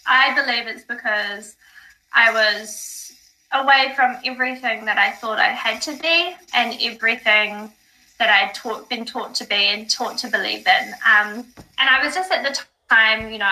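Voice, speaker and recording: A woman guest on a podcast, telling a personal story in casual chat, animated, with many fillers and the odd swear. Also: on the high side, rough recording. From not from the UK. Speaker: psychic guest.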